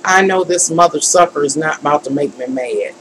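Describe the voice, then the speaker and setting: A woman's voice: deep voice, brisk, a bit bright, slight background noise, rough recording. A woman hosting a tarot livestream, frustrated and fussing and muttering to herself as she talks to her viewers. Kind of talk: live-stream chat.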